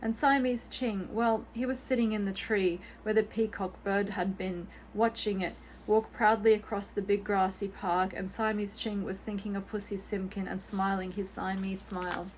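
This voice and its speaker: A woman reading a children's storybook aloud in a gentle, expressive bedtime-story manner. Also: mid-range voice, normal speed, few pauses, slight background noise, rough recording.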